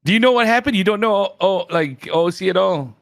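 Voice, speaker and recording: A young man with a fairly high, very animated voice jumps around as he teases and gets worked up. The sound is dry and close, with no room around it. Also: a little fast, vocal fry, dry recording. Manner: excitable, teasing, slangy. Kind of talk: casual out-of-character chat.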